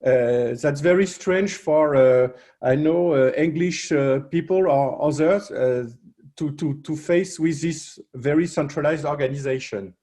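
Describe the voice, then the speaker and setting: A man with a French accent presenting at a roundtable, pausing often with fillers and restarts. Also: on the high side, mellow. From France. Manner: hesitant, many fillers and restarts. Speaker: panel speaker, researcher.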